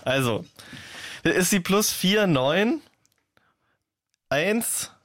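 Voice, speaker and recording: A man's voice: sits high, animated, very slow, a bit bright, dry recording, exaggerated voice. A man doing a stern bossy German cop. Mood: officious. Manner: officious, giving orders, breaks into laughs. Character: stern male German police officer, bossy. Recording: dry studio sound.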